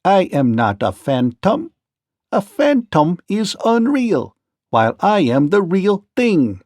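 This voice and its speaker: A man doing a gruff, slow clockwork man. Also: sits high, sing-song, a little mellow, no echo, studio quality, pitched above the performer's own voice, full character voice. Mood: calm. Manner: slow, measured, mechanical delivery. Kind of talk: storybook read-aloud.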